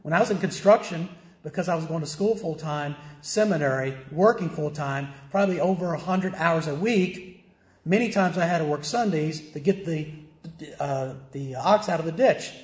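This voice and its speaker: Middle-aged guy pastor preaching, high voice, keeps asking and answering his own questions, echoey church. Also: normal speed, a little mellow. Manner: emphatic, asks rhetorical questions and answers them. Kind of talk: sermon.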